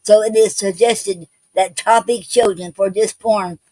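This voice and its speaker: Slow, halting woman hosting a poetry show. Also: mid-range voice, steady tone, a little mellow, faint music behind, low-quality recording. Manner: halting, many ums and restarts, repeats okay. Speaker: host of an online poetry show. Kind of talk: casual live show hosting.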